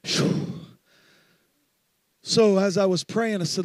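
A man's voice: sits high, steady tone, slow, no echo. A man preaching a sermon as a guest preacher, emphatic and driving repeated refrains.

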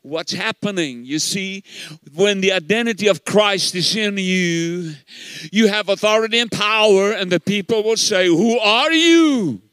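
Bright, high-voiced older male preacher. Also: normal speed, clean tone, no echo. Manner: emphatic preaching, repeats words for stress. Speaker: pastor. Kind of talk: sermon.

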